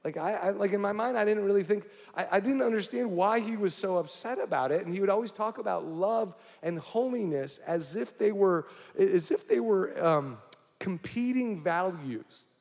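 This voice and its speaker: A man's voice: high voice, expressive, moderate pace, creaky, a little mellow. Male pastor preaching in a reverberant hall. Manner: direct, asks the congregation questions. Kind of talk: sermon. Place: church hall.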